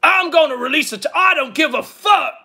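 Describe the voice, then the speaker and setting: A man putting on a mocking impression of a ranting man, high, squealing and exaggerated. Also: animated, brisk, bright, forceful tone, exaggerated voice. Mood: whiny mocking. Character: shrill whiny mocking caricature of a ranting man.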